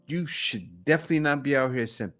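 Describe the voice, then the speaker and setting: A man's voice: medium pitch, expressive, fast. A man hosting a reaction video, giving blunt, opinionated casual commentary.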